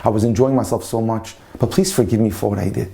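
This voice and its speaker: A sheepish young male student pleading and apologizing, as a storyteller puts him on. The voice stays warm and mellow, told as part of a spoken story. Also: lowish voice, fairly even intonation, fast, creaky.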